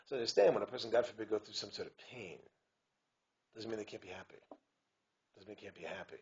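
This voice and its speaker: A man, a rabbi, giving a lively community talk. He digresses, keeps asking his listeners if they understand, and chants Hebrew verses. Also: fairly low pitch, fast, lo-fi sound.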